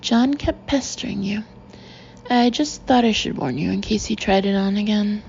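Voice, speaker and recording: A woman voicing a gushing, gossipy society woman who confides in a low, breathy voice. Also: moderate pace, a little mellow, dull audio, a little hiss or hum, natural voice. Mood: confiding.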